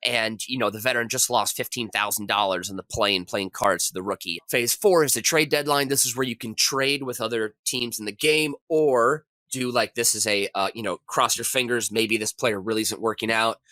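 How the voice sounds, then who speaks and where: A man, a podcast contestant, pitching a game idea in casual, rambling chat. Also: normal speed, few pauses, sharp tone, no room sound.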